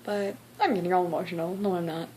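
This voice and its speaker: A woman's voice: medium pitch, normal speed, darkish tone. A teenage girl ranting casually in a vlog, full of "like" fillers and acted-out quotes. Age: teens. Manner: chatty, frequent "like" fillers, acts out quotes. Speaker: vlogger.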